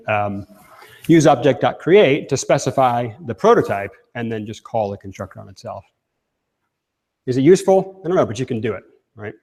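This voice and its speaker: A man's voice: mid-range voice, darkish tone. Casual male speaker in reverberant hall. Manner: casual, asks the audience questions. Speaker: conference speaker. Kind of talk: live technical talk. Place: talk room with audience.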